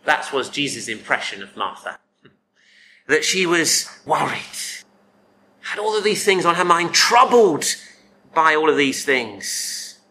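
A male preacher talks through a passage slowly and deliberately in a bright, fairly high voice. He keeps checking in with the congregation through tag questions, which gives the sermon a chatty feel. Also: big pitch swings, a little hiss or hum.

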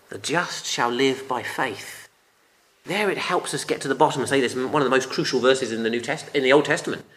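Bright earnest man teaching scripture. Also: mid-range voice. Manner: earnest, emphatic, drops to quiet on key phrases. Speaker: preacher. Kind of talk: Bible teaching talk.

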